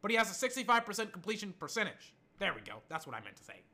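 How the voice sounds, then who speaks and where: An American vlogger in a casual sports rant, animated and arguing back at imagined critics, a little tired. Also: medium pitch, very fast. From United States.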